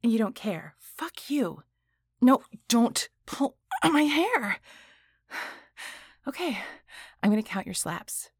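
A woman's voice: fairly high pitch, sing-song, takes it slowly, long pauses, no room sound, studio quality, full character voice. A woman voicing a proud, defiant female boss and mother in an adult audio role-play, talking breathily and dropping into whispers. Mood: resigned. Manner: breathy, moaning, sudden whispers.

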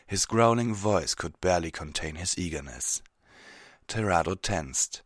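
A man narrating a fantasy story in a steady, measured audiobook reading. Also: deep voice, no echo, clean studio sound.

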